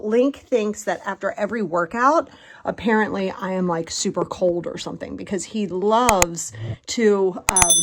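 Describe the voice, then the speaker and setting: A woman in her fifties, sweaty after a workout, giving a casual motivational talk at home, animated and chatty, acting out the voices in her head. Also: mid-range voice. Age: 50s. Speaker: motivational podcast host. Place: at home in a bedroom.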